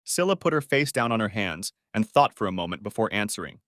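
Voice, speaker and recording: A man reading a first-person dramatic story aloud with expressive, sardonic delivery. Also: fairly low pitch, brisk, hardly any pauses, dry recording, clean studio sound. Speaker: story narrator.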